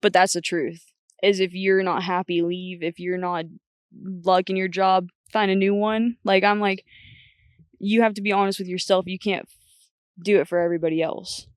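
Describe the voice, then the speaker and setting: A woman's voice: mid-range voice, little pitch movement, moderate pace, smooth, no room sound, studio quality. A young woman guest on a podcast, talking bluntly and chattily, often quoting herself. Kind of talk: casual chat.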